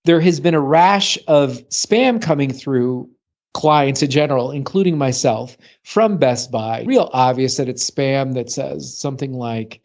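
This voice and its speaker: A man's voice: unhurried, creaky, a little mellow. A man from the US Northeast co-hosting a podcast, telling a story and acting out his client's lines with a rising voice. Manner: storytelling, acts out client's quotes with rising pitch. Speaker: podcast co-host, Apple consultant. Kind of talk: casual podcast chat. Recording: dull lo-fi sound.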